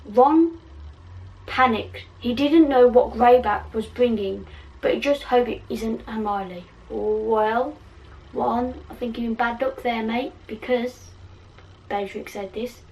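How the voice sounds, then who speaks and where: Brief: woman reading her own story aloud, slow and a bit high, self-mocking asides, voice away from the mic. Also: darkish tone, far from the mic, slight background noise, low-quality recording. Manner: giggly, self-mocking, stumbling over words. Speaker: channel host reading her fan fiction.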